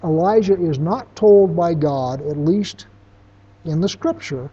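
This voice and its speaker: A man's voice: a little high, lively intonation, slow pace, mellow, breathy edge. A man teaching a Bible lesson, who reads verses aloud and then explains them in casual everyday words. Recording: dull lo-fi recording.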